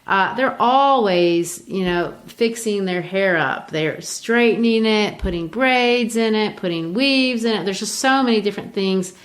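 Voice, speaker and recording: A woman's voice: medium pitch, measured pace, few pauses. Chatty woman from Brazil explaining a play. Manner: chatty and explanatory, with frequent restarts. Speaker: podcast host. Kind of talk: casual literature discussion.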